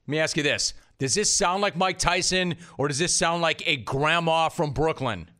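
A man's voice: on the high side, lively intonation, a little slow, pushed and bright. A man hosting sports talk radio, wisecracking and bantering about callers and guests.

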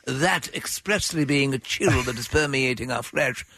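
A man's voice: medium pitch, a little slow, pushed and bright, no echo. A man voicing a drowning Victorian boy who speaks in absurdly formal, polite phrases, in a comic reenactment. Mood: mock-formal. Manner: stiff, overly formal phrasing.

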